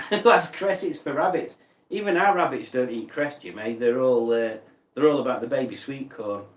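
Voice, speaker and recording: A man's voice: medium pitch, moderate pace, recorded from a distance. A man, chatting casually on a stream as he reads out viewers' messages and rambles along with mock outrage. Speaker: streamer reading chat. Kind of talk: casual livestream chat. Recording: echoey room, voice from off mic.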